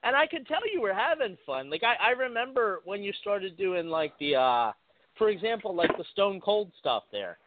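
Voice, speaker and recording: A man's voice: high-pitched, sing-song, moderate pace. A man interviewing a guest, asking questions with enthusiastic, hesitant phrasing. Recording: tinny phone-like line.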